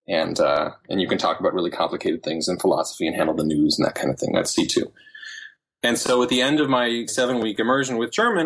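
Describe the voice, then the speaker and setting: A man in his thirties, a podcast guest, telling his story in animated casual chat with quick asides. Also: fairly low pitch, breathy edge.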